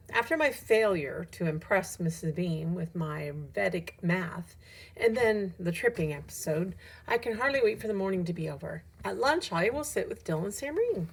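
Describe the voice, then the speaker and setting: Gravelly-voiced woman reading aloud. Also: on the low side, rough recording. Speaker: teacher reading to a class.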